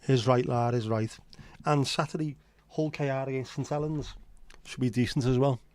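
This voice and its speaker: On a livestream, a man from Liverpool, England, reads live comments and banters with viewers, blunt and full of swearing, in his Scouse accent. His voice sits at medium pitch with fairly even intonation and a normal speed, slightly mellow, and there's no echo.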